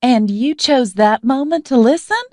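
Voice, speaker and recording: A woman's voice: expressive, unhurried, dry recording, clean studio sound. A woman voicing an outspoken, exasperated young woman who makes indignant demands in an audiobook. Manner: indignant, demanding, shrill peaks.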